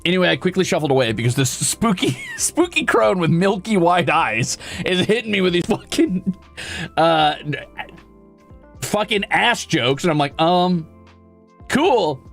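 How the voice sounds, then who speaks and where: A man streamer telling an animated, laughing story in a casual chat. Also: high voice, normal speed, vocal fry, soft background music. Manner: animated, laughing, acts out voices.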